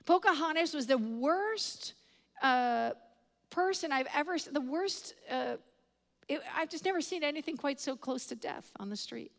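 A woman's voice: sits high, normal speed. A middle-aged woman preacher telling a story in a sermon, acting out the voices of the people in it. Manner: animated storyteller acting out dialogue. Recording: long hall reverb.

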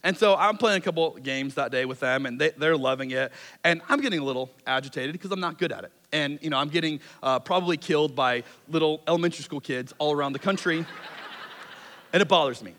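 A man in his thirties preaching a sermon as a pastor, telling stories in a relaxed, self-deprecating way and acting out quotes. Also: a little high. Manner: conversational, self-deprecating storytelling with quick acted-out quotes. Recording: long hall reverb.

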